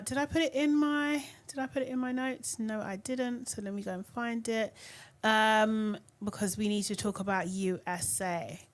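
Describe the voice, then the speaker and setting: A woman's voice: fairly high pitch, a bit bright. A young woman hosting a casual live recap, chatty and giggly, reading viewer comments aloud. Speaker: live-stream host.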